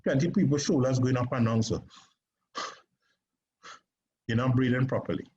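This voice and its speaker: A man teaching an online acting lesson, talking conversationally with emphatic pauses and checks on whether his listeners follow. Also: medium pitch, a little mellow, muffled recording.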